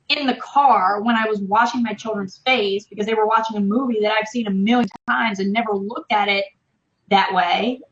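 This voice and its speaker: A woman's voice: on the high side, a bit bright. Passionate, swearing woman on a muffled stream. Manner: passionate, emphatic, swears freely. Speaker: interview guest, online business marketer. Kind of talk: casual live-stream interview. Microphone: video call.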